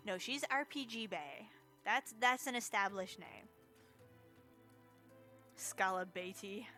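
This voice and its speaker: A woman's voice: fairly high pitch, expressive, unhurried, pushed and bright, faint music behind. A woman streamer giving chatty, casual commentary as she plays a game for a charity marathon, reacting to chat and laughing often.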